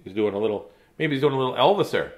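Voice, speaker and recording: Man, middle-aged, storybook read-aloud, chatty asides, lively pitch. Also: very fast. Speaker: host reading children's books. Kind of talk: casual read-aloud to a live chat.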